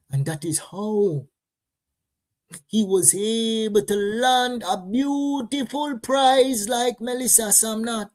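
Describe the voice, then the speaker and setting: A woman with a Jamaican accent giving animated, emphatic news commentary, slipping between patois and standard English. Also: a little high, slow.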